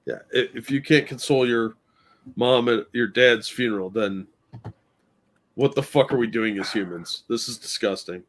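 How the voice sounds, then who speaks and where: A man's voice: medium pitch, moderate pace. A man in casual talk, indignant and blunt. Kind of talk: casual chat.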